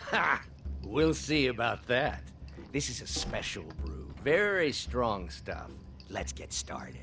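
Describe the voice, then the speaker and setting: A man's voice: medium pitch, big pitch swings, takes it slowly, bright, forceful tone, slight background noise, exaggerated voice. An actor playing a jovial man who dares the player to a drinking contest in a video game. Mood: hearty. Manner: hearty, boastful, drawling. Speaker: game character.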